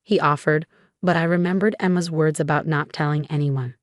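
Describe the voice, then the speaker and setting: A woman reading a first-person story as scripted narration, in an even, measured storytelling manner. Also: low voice, dry recording, clean studio sound.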